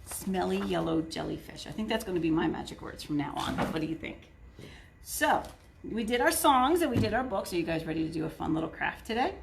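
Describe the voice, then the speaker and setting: A woman's voice: medium pitch, sing-song, quick pace, creaky, background noise. A woman children's librarian leading an online story time and craft, chatting directly to kids from a table in front of her camera. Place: indoors at a table. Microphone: camera set on the table.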